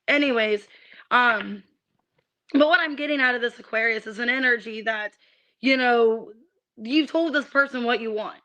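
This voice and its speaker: A woman gives a livestreamed tarot reading in a high, sharp voice. She rants with irritation, swearing and tripping over her restarts. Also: normal speed. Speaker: tarot reader.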